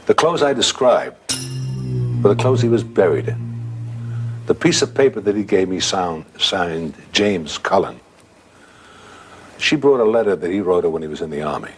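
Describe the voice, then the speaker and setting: A man's voice: low voice, a little hiss or hum. An older man telling a ghost story from his own life in a conversational way.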